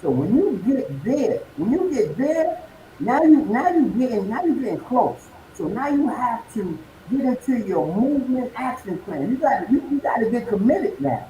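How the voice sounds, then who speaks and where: A man's voice: extremely high pitch, normal speed, dull audio, slight background noise. Fiery motivational speaker man, echoey. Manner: builds from calm to fiery, preacher-like, rhetorical questions. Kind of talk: motivational speech.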